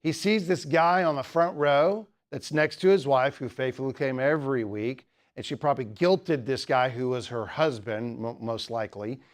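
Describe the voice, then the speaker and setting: A man's voice: medium pitch, moderate pace, hardly any pauses. A man giving a humorous teaching talk at a student apologetics club, rambling with many jokes and asides.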